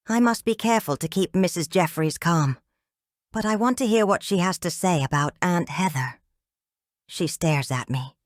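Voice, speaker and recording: A woman narrating a first-person audiobook in a measured, calm storytelling manner. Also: fairly low pitch, dry recording, studio quality.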